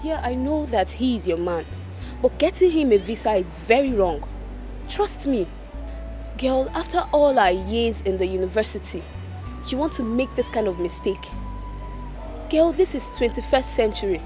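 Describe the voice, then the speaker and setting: An actress playing a caring, outspoken friend, pleading and insisting in a slow, emphatic way. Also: female voice, a little high, animated, mellow, lightly acted. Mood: concerned. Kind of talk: film acting. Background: film music.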